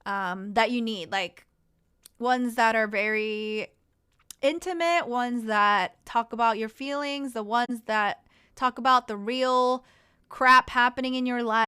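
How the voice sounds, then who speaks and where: A young woman on a live stream chats casually with her viewers, rambling from one thought to the next and laughing often. Her voice sits high and comes out smooth and clear. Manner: rambling, animated, quick to laugh.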